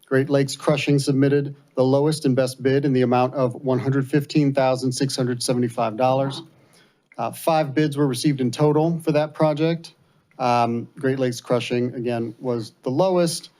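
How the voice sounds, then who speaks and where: A man's voice: mid-range voice, fairly even intonation, normal speed, a little mellow. An American man, the mayor, reading bid results into the record in a matter-of-fact way.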